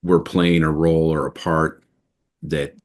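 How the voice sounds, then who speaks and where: Man, very deep voice, coach, slow reflective talker in group chat. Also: flat delivery. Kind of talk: casual group discussion.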